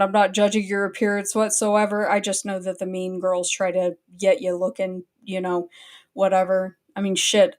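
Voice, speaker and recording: Annoyed woman ranting casually. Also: medium pitch. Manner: annoyed, blunt, swears freely. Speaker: online commentary host.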